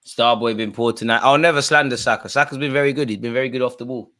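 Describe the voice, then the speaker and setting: A young man hosting a live football watch-along, excitable and full of slang, swinging from loud outbursts to low mutters. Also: quick pace.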